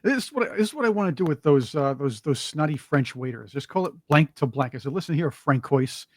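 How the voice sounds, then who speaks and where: A man with a somewhat high voice co-hosting a casual political talk show. He speaks emphatically and mockingly, often stumbling over repeated words. The recording is very dry and close. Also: animated, fast talker, a little mellow, no room sound. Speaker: co-host.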